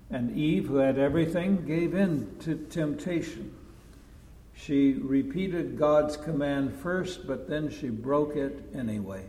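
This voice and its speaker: A man preaching a sermon as pastor, measured and emphatic, dropping to a hush on key points. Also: mid-range voice. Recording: long echo of a large hall.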